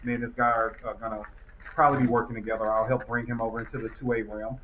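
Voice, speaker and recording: A man rambles through casual podcast chat in a loose, relaxed way, dropping plenty of fillers. His voice sounds bright and forceful. Faint room noise sits behind him. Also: mid-range voice, quick pace, poor audio. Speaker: podcast guest.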